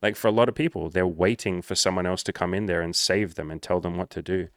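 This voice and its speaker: Deep-voiced blunt, profane man coaching. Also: fast, dry recording, studio quality. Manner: blunt, profane, animated storytelling. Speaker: social skills coach. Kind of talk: direct-to-camera monologue.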